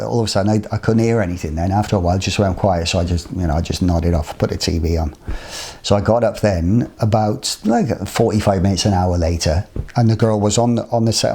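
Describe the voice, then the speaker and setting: A man's voice: fairly low pitch, dark tone. A man telling a personal story in a rambling, colloquial way, often voicing his own past remarks. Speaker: interviewee recounting a personal ordeal. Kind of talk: casual spoken storytelling.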